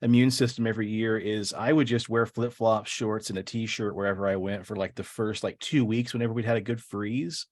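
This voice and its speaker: A man's voice: on the low side, fairly even intonation, a little fast, few pauses. A man hosting a casual podcast chat, teasing his guest with jokes. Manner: teasing, joking. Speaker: podcast host.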